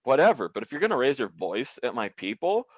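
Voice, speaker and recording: A comedian telling profane work stories in a casual chat over a video call, acting out the people in them. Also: male voice, medium pitch, fairly quick, no echo. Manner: profane, animated storyteller who acts out quotes. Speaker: comedian guest.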